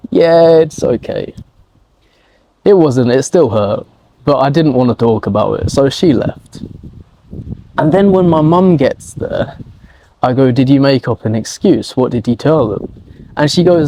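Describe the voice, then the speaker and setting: A man telling a personal story slowly and clearly for language learners, acting out the scenes as he goes. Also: medium pitch. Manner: animated, acts out scenes and quotes.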